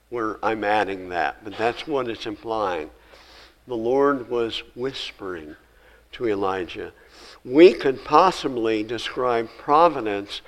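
A man delivers a sermon in a middle-pitched voice. He reads the old scripture with rising, emphatic force. Between readings he talks to his listeners in a plain, quiet, conversational way. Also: lively intonation, unhurried, low-quality recording. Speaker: pastor.

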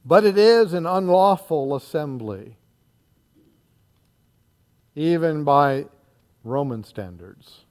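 A man preaching an expository sermon, reading scripture aloud and explaining it verse by verse, acting out the crowd and dropping into quiet asides. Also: takes it slowly, long pauses. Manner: animated, acts out the crowd, dropping to low asides.

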